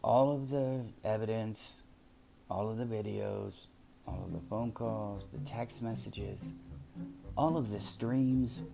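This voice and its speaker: A man's voice: fairly low pitch, slow, gravelly, warm tone. A middle-aged man hosting a casual commentary monologue, talking emphatically and drifting into anecdotes. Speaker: commentary channel host. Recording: music playing behind.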